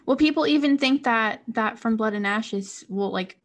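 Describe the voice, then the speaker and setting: A woman co-hosts a relaxed book discussion. Her delivery is low-key, often dropping into quiet asides. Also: normal speed. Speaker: podcast co-host. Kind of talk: casual book chat.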